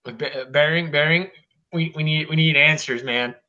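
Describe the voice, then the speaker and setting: A man's voice: on the high side, normal speed, sharp tone. A man hosting a casual podcast chat, joking crudely and swearing a lot. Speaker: podcast host. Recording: muffled lo-fi mic.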